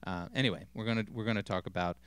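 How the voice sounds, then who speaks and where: Low-voiced man teaching drums casually. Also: racing. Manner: relaxed, thinks aloud with many ums and restarts. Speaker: drum teacher. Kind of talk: casual spoken drum lesson. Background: loud drum kit playing.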